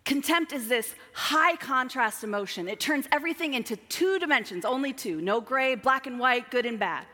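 A woman preaching a sermon, dramatic, moving between emphatic lines and hushed asides. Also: high-pitched, lively intonation, moderate pace, hardly any pauses. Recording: long hall reverb.

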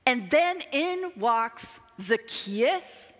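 A woman preaching a sermon, dramatic, moving between emphatic lines and hushed asides. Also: sits high, sing-song, extremely slow. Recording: long hall reverb.

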